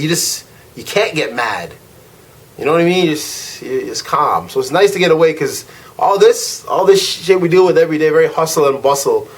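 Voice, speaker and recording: A young man from Canada, a vlog host, telling a travel story as a slangy, animated rant. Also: on the high side. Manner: animated, slangy, swings from loud irritation to laid-back drawl.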